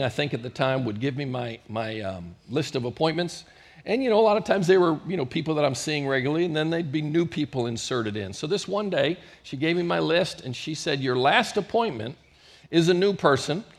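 A middle-aged male pastor preaching a storytelling sermon, swinging from loud bursts to hushed moments. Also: fairly high pitch.

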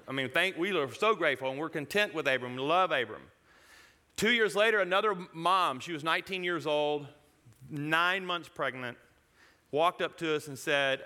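A man speaking to a congregation, telling a personal story in an animated way, chuckling and breaking off his own sentences. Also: a little high, fairly quick.

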